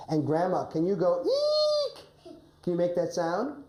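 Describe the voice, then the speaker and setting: A woman's voice: on the low side, a little fast, warm tone. A woman drama coach guiding a class through a play rehearsal, giving instructions and often asking "right?". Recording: echoey classroom, faint noise.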